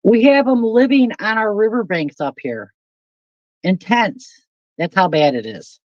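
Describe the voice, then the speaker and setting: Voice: medium pitch, measured pace, no room sound. Blunt, profane speaker on a muffled call.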